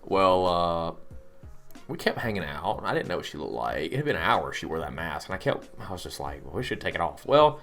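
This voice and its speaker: A young man with a somewhat low voice tells stories bluntly and cracks jokes. Faint music plays behind him. It sounds like a relaxed podcast chat. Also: normal speed. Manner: storytelling, jokey, blunt. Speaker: podcast co-host. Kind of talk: casual chat.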